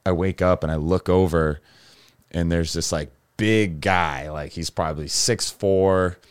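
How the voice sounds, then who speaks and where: Man, extremely deep voice, guest storyteller, rambling, candid, halting restarts. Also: fairly even intonation, smooth. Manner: rambling, with frequent restarts and fillers. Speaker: guest recounting his recovery.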